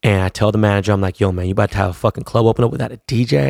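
A man's voice: on the low side, racing, creaky, darkish tone, no room sound, clean studio sound. A man in his forties casually telling long rambling stories, full of slang and swearing. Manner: profane, rambling, slangy storytelling. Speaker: podcast host telling stories. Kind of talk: casual storytelling.

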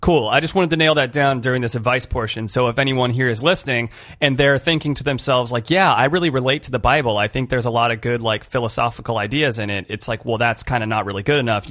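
A man's voice: mid-range voice, quick pace, a bit bright. A man with a mid-range voice hosts a casual chat, rambling with likes and ums while he restates what he has heard to pin it down. The sound is dry and close, with no room echo. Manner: informal, filler-heavy, restating to check understanding. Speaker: podcast host.

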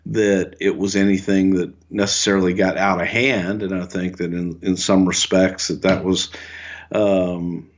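A low-voiced older man spins relaxed anecdotes, often chuckling and slipping into the voices of the people he quotes. The sound is dull and lo-fi, with a muffled top end. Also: a little slow. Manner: relaxed, chuckling storyteller who acts out quotes. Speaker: podcast co-host and former wrestling executive. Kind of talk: anecdotal storytelling.

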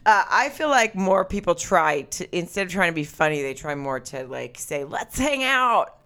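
A woman's voice: on the low side, expressive, moderate pace, a bit bright. A woman co-hosting a comedy podcast, chatting casually and wryly reading listener questions aloud. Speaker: podcast co-host.

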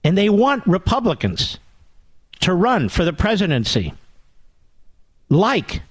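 A man's voice: high voice, huge pitch swings, slow pace, husky, no room sound. A man hosting a political talk radio show, delivering a combative, sarcastic monologue.

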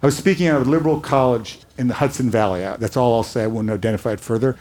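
A man's voice: mid-range voice, racing. An older man, a rabbi, speaking earnestly and telling stories on a panel before a live audience. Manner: earnest storytelling, animated quotes.

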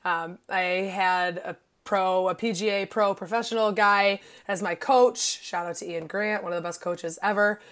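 Excitable young woman from illinois chatting on a podcast, says like a lot, gushes. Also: medium pitch, normal speed, few pauses. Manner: excitable, gushing, heavy on "like" fillers. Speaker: podcast co-host. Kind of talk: casual podcast chat.

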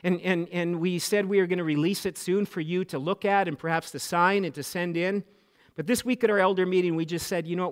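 A man, a pastor preaching a sermon, earnest and impassioned, then softer in prayer. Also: high-pitched, fairly even intonation. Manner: impassioned when retelling, hushed and slow in prayer.

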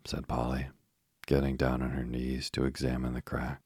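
A man narrating a bedtime story in a calm, unhurried way. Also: a bass voice, breathy edge, dry recording, studio quality.

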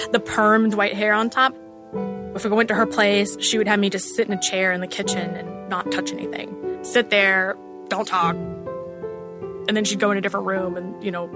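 A woman telling her own ghost story in a casual, candid way with everyday fillers. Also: medium pitch. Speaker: storyteller guest. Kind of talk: personal ghost story told in conversation. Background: music score.

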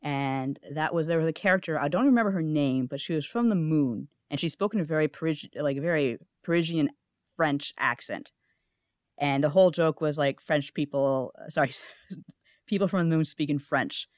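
A woman's voice: low voice, normal speed, dry recording, studio quality. A woman guest on a podcast in casual chat, eager and talkative, telling long anecdotes with stumbles and restarts. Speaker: guest, freelance writer.

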